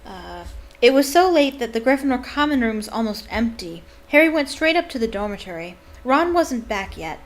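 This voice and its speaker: A woman's voice: a little high, expressive, normal speed. Chatty woman reading and gushing. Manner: enthusiastic, chatty asides. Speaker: reader and fan commentator. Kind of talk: reading a novel aloud with casual commentary.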